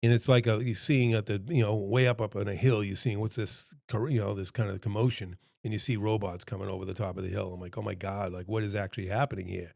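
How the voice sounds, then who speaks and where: A man's voice: lowish voice, steady tone, quick pace, creaky, few pauses, a little mellow, dry recording, clean studio sound. A middle-aged man who runs a restaurant consultancy gives a casual talk to camera from home, chatty and earnest, with lots of fillers and quoted voices. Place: home room with a dog nearby.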